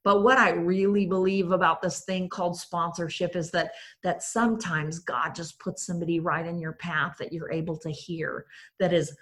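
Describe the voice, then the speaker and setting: A woman's voice: fairly low pitch, fairly even intonation, normal speed, fairly bright tone. A woman sharing her recovery story at a meeting, self-mocking and funny, and she keeps addressing the room directly. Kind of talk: humorous personal testimony at a recovery meeting.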